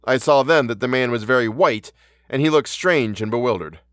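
A man hosting a podcast and reading a horror story aloud in a measured, earnest way. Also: medium pitch, fairly bright tone, no room sound, clean studio sound. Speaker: podcast host and audiobook narrator.

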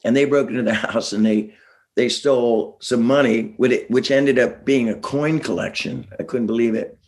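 A middle-aged man chatting as a guest, animated and laughing, slipping into quick voices as he tells stories. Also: medium pitch. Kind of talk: casual chat, storytelling.

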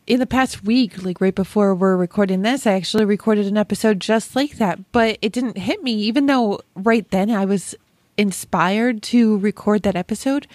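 A woman's voice: mid-range voice, normal speed, a little mellow, dry recording. A woman hosting a podcast interview, chatty and talking directly to her listeners. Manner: friendly, chatty, addresses listeners. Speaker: podcast host. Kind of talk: casual interview chat.

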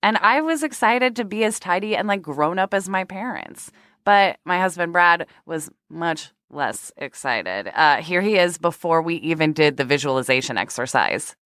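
Woman, podcast host, bubbly, excitable, dry sound. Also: fairly low pitch, normal speed, dry recording. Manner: bubbly, excitable, laughs often. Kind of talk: casual podcast chat and storytelling.

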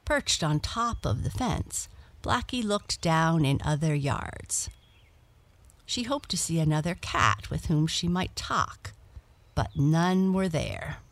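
A woman gently reading a children's bedtime story aloud as the storyteller. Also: low-pitched, expressive, dry recording. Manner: gentle and measured.

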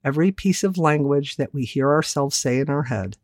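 A woman's voice: low-pitched, brisk, dry recording, clean studio sound. A woman giving a candid, reflective solo talk as a self-help host, with casual swearing. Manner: candid, animated, casually profane.

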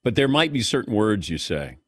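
A man from Southern Ohio hosting a sports radio show. His pitch swings widely as he chats, and he laughs and mimics voices often. The sound is dry and close. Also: very animated, a little fast, a bit bright, slightly rough, dry recording. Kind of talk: casual chat.

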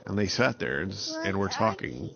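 Brief: relaxed male storyteller, low and unhurried, dull home recording. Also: creaky. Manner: relaxed, unhurried, with small restarts. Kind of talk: improvised bedtime storytelling.

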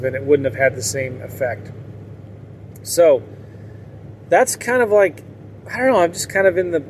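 Guy rambling to his viewers, kinda high voice, laughs a lot, faint traffic hum behind. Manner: rambling, candid, laughs often. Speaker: vlogger. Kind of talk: casual monologue to viewers.

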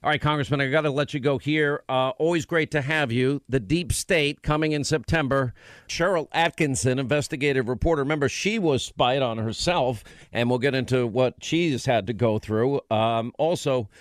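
A man hosting a political talk radio show, talking in an emphatic, rhetorical way with quick restarts. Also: mid-range voice, no echo, studio quality.

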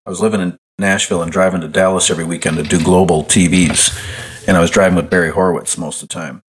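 A man's voice: deep voice, fairly even intonation, quick pace. A man chatting as a podcast guest, dry and matter-of-fact. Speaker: guest, retired wrestler. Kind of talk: casual chat.

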